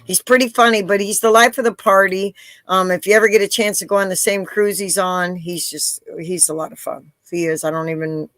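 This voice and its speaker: A woman hosting a live interview, telling stories in an animated way and acting out the voices of the people in them. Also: medium pitch, a little fast, no echo. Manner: animated storyteller, acts out quoted voices. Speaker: interview host. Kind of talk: casual live interview chat.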